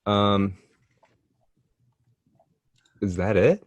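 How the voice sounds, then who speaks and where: A man's voice: lowish voice, very slow, no echo. A man guesting on a podcast, talking in a loose, rambling way full of likes and hedges. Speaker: guest writer. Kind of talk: casual comedic chat.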